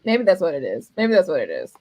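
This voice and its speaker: A young woman with an East Coast American accent chats on a livestream, teasing herself and laughing often. Her pitch swings widely, and her voice sounds close and dry, with no room echo. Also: huge pitch swings, fast, mellow. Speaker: readathon co-host. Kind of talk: casual livestream chat.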